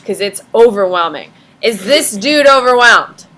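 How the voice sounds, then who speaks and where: Teacher lady lecturing her class, bright voice, sarcastic and super casual. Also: medium pitch, expressive, measured pace, rough recording. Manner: chatty, sarcastic, swears casually.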